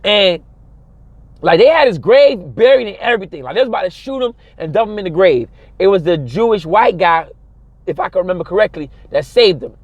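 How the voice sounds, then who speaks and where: A man's voice: high-pitched, dry recording. A young adult man talking straight to camera in a casual vlog, emphatic and preachy, repeating phrases for stress. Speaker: vlogger. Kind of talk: casual commentary monologue.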